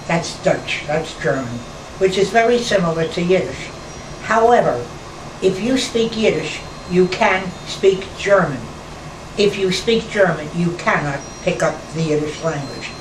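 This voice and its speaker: Distant, echoey woman in her nineties. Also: lowish voice. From New York. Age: 90s. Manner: slow, rambling, with pauses and restarts. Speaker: interviewee, former nightclub performer. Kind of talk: reminiscing conversation. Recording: roomy, distant mic, air-conditioner hum.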